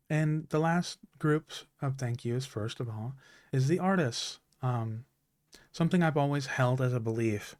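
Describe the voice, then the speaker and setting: With a darkish, mid-range voice, a man on a live stream gives an emotional thank-you, hesitating often, using fillers and starting over. His throat becomes a little raspy as he goes. The recording has no room sound.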